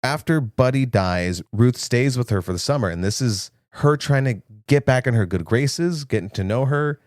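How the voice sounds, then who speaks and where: A man's voice: medium pitch, animated, moderate pace, a little mellow, no echo, clean studio sound. A young man co-hosting a casual movie podcast, recapping scenes with jokes and quoted lines. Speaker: podcast co-host.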